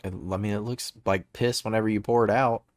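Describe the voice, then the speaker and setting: A man with a Southern twang, his voice a bit low, chats easily on a podcast. He laughs often and keeps things loose and casual. The sound is dry and close. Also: fairly even intonation, fairly quick, dry recording. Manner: laid-back, laughs easily, says bro. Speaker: podcast co-host. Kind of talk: casual chat.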